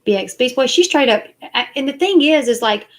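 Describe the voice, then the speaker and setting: A woman's voice: high voice, animated, fairly quick. A woman, chatting casually and defensively to her live stream viewers. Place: parked car at night.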